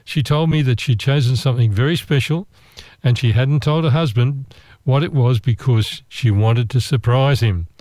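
An Australian man telling a travel story in a relaxed, meandering, chatty way, with asides and restarts. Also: medium pitch, normal speed, no echo. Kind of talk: relaxed travel anecdote monologue.

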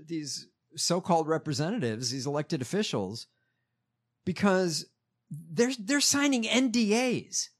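A man's voice: on the high side, lively intonation, unhurried. A man with a somewhat raised voice co-hosts a loose political chat. He reads headlines aloud and breaks into sarcastic, profane commentary. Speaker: podcast co-host.

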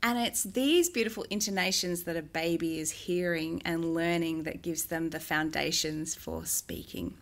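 A middle-aged woman, a music therapist, answering interview questions in a gentle, measured way with frequent "um" pauses. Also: sits low.

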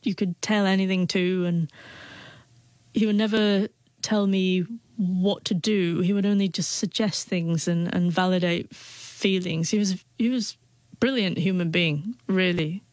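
A woman's voice: fairly low pitch, steady tone, unhurried, a little mellow, no echo. A woman tells a personal story in an interview, stuttering often and restarting her words. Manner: stutters, with repeated sounds and restarts. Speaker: interview guest.

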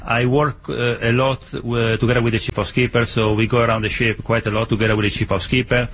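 Italian man with a halting, joking manner. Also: medium pitch, flat delivery, a bit bright, slight background noise. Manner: halting, joking, many fillers. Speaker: ship general manager, guest. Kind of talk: casual radio interview.

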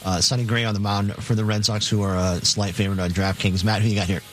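A man's voice: fairly low pitch, little pitch movement, fast, faint music behind. A man co-hosting a sports radio show, reading betting lines in a matter-of-fact way with fillers.

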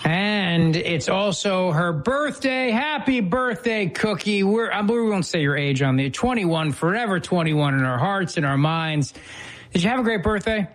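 A man's voice: high voice, animated, unhurried, fairly bright tone. A man co-hosting a casual chat, bantering in a dry, teasing way. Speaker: co-host.

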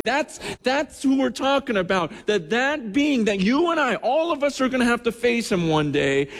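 A man preaching a sermon as pastor, emphatic, with repeated restarts and acted-out quotes, recorded in a church hall. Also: high-pitched. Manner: emphatic, repetitive restarts, acts out quoted voices. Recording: long reverb from a hall.

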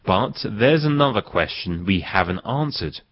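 A male documentary presenter with a low voice that swings widely in pitch, narrating with lively enthusiasm. The sound is slightly muffled, with faint noise underneath. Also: normal speed, husky.

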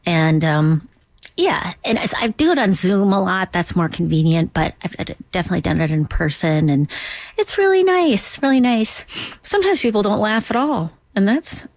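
A woman comedian from Duluth in an interview, talking in a halting way with many restarts and asides. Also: mid-range voice, big pitch swings, no room sound, clean studio sound. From Duluth, Minnesota. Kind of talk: interview conversation.

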